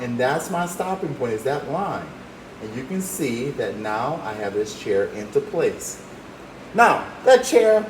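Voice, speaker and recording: A man's voice: fairly high pitch, a little mellow, slight background noise. A man teaching a drawing lesson, talking the viewer through each step with encouragement. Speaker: art teacher. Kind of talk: drawing demonstration. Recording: roomy echo, faint ambience.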